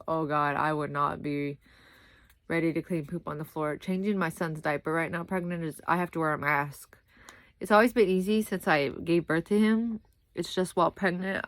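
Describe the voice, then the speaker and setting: A woman's voice: low voice, no room sound. A young woman chatting casually in a rambling vlog, sleepy and often saying "like I said" as she drifts between topics. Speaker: vlogger.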